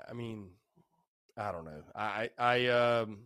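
A man's voice: lowish voice, extremely slow, a bit bright, smooth, no room sound, clean studio sound. A young man hosting a casual solo podcast, tipsy, rambling and repeating himself. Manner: rambling, repetitive, loose and tipsy. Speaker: podcast host.

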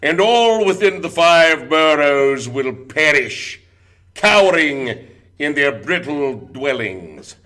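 A man voicing a grandiose newsreader who proclaims doom in slow, booming, biblical tones. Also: animated, bright, forceful tone, heavily acted. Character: doom-laden male newsreader, grandiose and apocalyptic.

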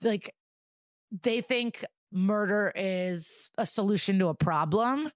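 A woman's voice: mid-range voice, slow pace, dry recording, studio quality. A woman co-hosting a podcast, recapping a TV episode in a breezy, jokey, profane way. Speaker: podcast co-host. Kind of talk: casual comedic episode recap.

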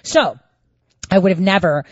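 A woman telling viewers a story in a casual monologue, indignant and animated, acting out both sides of each exchange. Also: lowish voice, moderate pace, dry recording, highs cut off. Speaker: storyteller recounting a voting dispute.

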